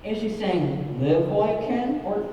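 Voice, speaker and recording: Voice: medium pitch, lively intonation, normal speed, noisy background, lightly acted. A young stage actor playing a wistful middle-aged man who confides in the audience. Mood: confiding. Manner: confiding, musing asides to the audience. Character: wistful middle-aged male musical fan. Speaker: narrator. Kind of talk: stage musical acting. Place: theater stage. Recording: dull, echoey stage hall from far off.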